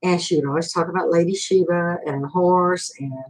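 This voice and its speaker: An older woman chats on her livestream in a loose, rambling way. She tells a story in a somewhat low voice, acts out what others said, and laughs often between the fillers. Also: fairly even intonation, a little fast, rough recording. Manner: chatty, rambling storytelling with acted-out quotes. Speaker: channel host. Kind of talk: casual livestream chat.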